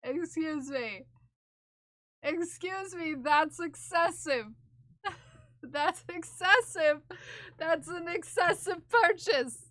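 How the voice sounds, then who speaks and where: A woman livestreamer chatting casually with her viewers in a playful, giggly way, often repeating phrases in silly drawn-out voices. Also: extremely high pitch, sharp tone, no echo, studio quality. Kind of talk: casual live-stream chat with viewers.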